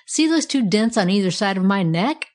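A woman's voice: medium pitch, expressive, moderate pace, close to an everyday voice. A woman reading aloud, voicing a talking male iron andiron who tells a tall tale in a matter-of-fact way. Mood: telling. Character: boastful old male iron andiron storyteller.

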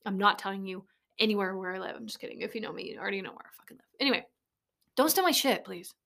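Talking very fast in a medium-pitched, creaky, fairly bright voice with fairly even intonation, this late-20s podcast host rambles bluntly on her solo show. She swears a lot and laughs readily, recorded on a studio mic inside a small converted shed.

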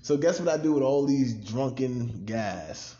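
Podcast storyteller: animated man from Maryland, swears freely, mid-range voice, muffled recording. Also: mid-range voice, unhurried. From Maryland, USA. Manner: animated, profane, laughs often. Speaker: podcast cast member. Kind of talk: casual storytelling.

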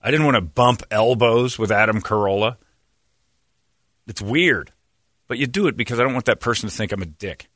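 Man, podcast host, bright forceful voice, dry sound, rambling stories. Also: medium pitch, moderate pace, long pauses, no room sound. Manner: rambling, laughs often. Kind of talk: casual comedic storytelling.

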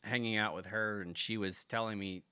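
A man's voice: fairly low pitch, normal speed, smooth, no room sound, studio quality. A former Marine man telling stories from his service in a casual interview, cursing freely and acting out quoted dialogue. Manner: profane, animated retelling with quoted dialogue. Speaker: podcast guest, former Marine.

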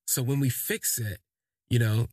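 A man's voice: mid-range voice, fairly even intonation, measured pace, a little mellow, no echo, clean studio sound. A man telling a first-person story in a casual, rambling way, full of "like" and "you know". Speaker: podcast storyteller.

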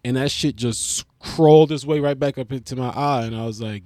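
A man's voice: medium pitch, fairly even intonation, a little fast, hardly any pauses, warm tone, no room sound. Profane, rambling man with a dry voice. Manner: profane, joking, slangy and digressive. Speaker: vlogger reviewing a movie. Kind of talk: casual rambling monologue.

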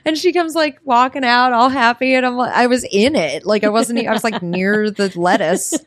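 A woman co-hosting a podcast in casual chat, animated and laughing often, swearing freely and acting out quotes while recapping a movie. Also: a little high, moderate pace, slight background noise. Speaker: podcast co-host.

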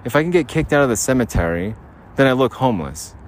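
Walking outdoors, a podcast host rambles through a solo monologue on his own show, ranting bluntly and swearing casually. His medium-pitched voice is very animated and quick, with slight background noise.

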